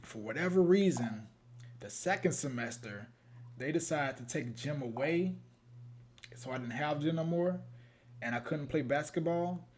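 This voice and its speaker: A man's voice: fairly high pitch, expressive, unhurried, slight background noise. Laid-back young man rambling on stream. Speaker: co-host of a true crime livestream. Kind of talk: casual livestream chat.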